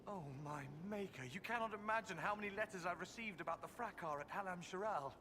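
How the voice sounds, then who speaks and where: An actor playing a brisk, proud male steward in a video game, formal and wry in manner. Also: high-pitched, noisy background, close to an everyday voice.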